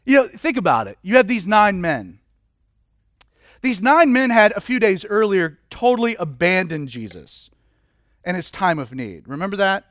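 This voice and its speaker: A man preaching a sermon in a casual, animated way, with humorous asides. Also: high-pitched, normal speed, no room sound, studio quality. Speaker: pastor.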